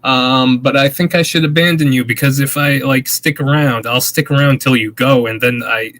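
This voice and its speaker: A man's voice: mid-range voice, fairly even intonation, moderate pace, a bit bright. A tired man from Massachusetts co-hosting a casual live stream chat, slipping into odd put-on voices. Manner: plays with odd accents and voices when tired. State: tired, late at night. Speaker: co-host.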